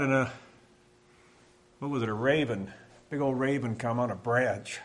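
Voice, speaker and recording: A middle-aged man from Washington telling a personal faith testimony in a halting, reflective way, often pausing and restarting. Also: medium pitch. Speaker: speaker sharing a testimony.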